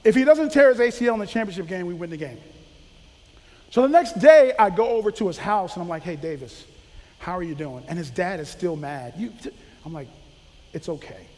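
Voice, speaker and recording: A former football coach telling animated stories about players he coached, acting out quotes and laughing often. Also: high-pitched, fairly quick, long reverb tail. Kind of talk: casual storytelling.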